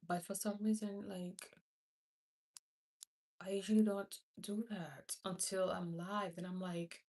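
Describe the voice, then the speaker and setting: A woman's voice: mid-range voice, steady tone, slow pace, a little mellow, recorded from a distance. A woman from Haiti, a hospice nurse, hosting a casual live stream who rambles, repeats herself and greets viewers by name. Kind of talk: casual livestream chat.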